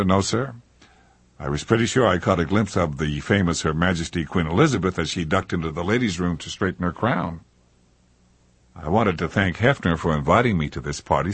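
An older man narrating a comic memoir in a deadpan manner, recorded in a studio. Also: sits low, slightly rough, no room sound.

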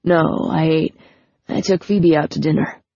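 A woman reading an earnest, sincere young man in a storybook, in a lowish, husky, mellow tone. He speaks evenly and plainly. The recording is dry and slightly dull. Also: fairly even intonation, measured pace, no room sound.

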